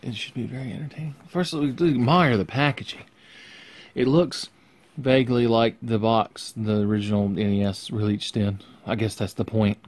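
A man's voice: medium pitch, fairly even intonation, normal speed. A man casually vlogging from his bedroom while unboxing, sarcastic and profane, rambling to the camera balanced on his face.

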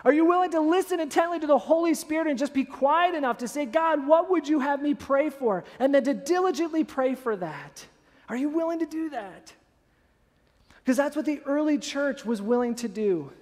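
A man, a pastor, preaching a sermon with animated storytelling, acting out scenes. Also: extremely high pitch, a little fast, in a large hall. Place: church sanctuary.

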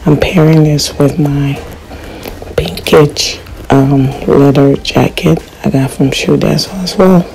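A woman vlogger calmly narrating a voice-over about her outfits, with "um"s between the items. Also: deep voice, vocal fry, background noise. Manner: unhurried, describing clothes with fillers. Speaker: lifestyle vlogger.

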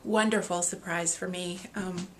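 A woman's voice: lowish voice, fairly even intonation, measured pace, a bit bright, a little hiss or hum. A woman talking to her readers on video, emotional and gushing, who laughs and gets choked up as she opens gifts. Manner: reads a letter aloud. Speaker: author opening reader gifts.

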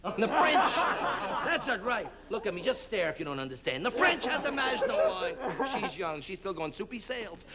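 A man's voice: high voice, sing-song, moderate pace, a loud crowd. A man doing a brash stand-up comedy routine on a 1960s TV variety show, slipping into mock accents.

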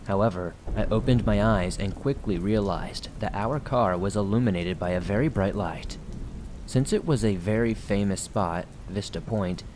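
A low-voiced man narrates horror stories for his podcast, reading in a casual, conversational way. Faint rain patters in the background. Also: a little mellow, slight background noise. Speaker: horror story podcast host. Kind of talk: scripted horror story narration.

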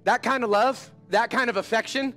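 A male pastor delivers a sermon in a high, lively voice, talking to the congregation like friends and slipping in jokes. His delivery is animated and conversational, and faint music sits underneath. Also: normal speed. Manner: animated, conversational, joking preacher. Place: church service.

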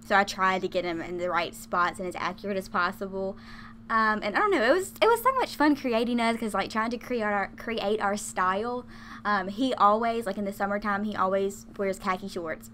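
A woman's voice: mid-range voice, moderate pace, a bit bright, a little hiss or hum. A young woman casually talking through a life-sim game she plays, chatty and giggly with many fillers. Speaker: gaming channel host.

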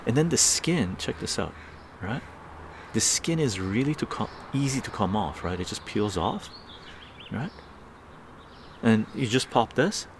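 A man with a low, gravelly voice chats easily with his live stream audience, wandering from point to point and checking in with a constant "right?". He is recorded outdoors, with faint background noise behind him. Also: lively intonation, unhurried, pauses often. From Canada. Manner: rambling, tag questions like "right?". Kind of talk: casual chat. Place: outdoor patio garden.

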